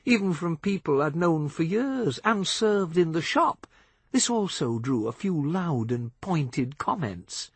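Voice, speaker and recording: A man reading a novel aloud as audiobook narrator, measured and expressive, on a close studio mic. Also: mid-range voice, husky, no room sound.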